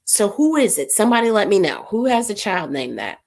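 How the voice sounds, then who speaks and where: Woman livestream host: chatty, amused, reading comments with a lively, bouncing voice. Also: mid-range voice, a little fast, vocal fry. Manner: animated, laughing, puzzling over names aloud. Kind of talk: casual livestream chat.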